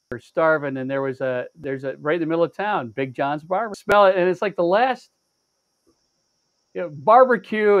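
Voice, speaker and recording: A man with a high voice tells stories in casual chat, animated and salty, full of stammered repeats and quick restarts. His voice sits close and dry, with no room around it. He leaps between calm stretches and bursts of excitement. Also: dry recording, highs cut off. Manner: animated, profane, acts out quotes with big pitch jumps. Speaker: show regular.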